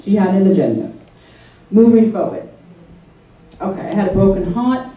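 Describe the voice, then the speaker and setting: A woman's voice: mid-range voice, moderate pace, mellow, dull audio. A woman telling a personal story to an audience in a conversational way, often checking in with her listeners. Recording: echoey room from far off, faint noise.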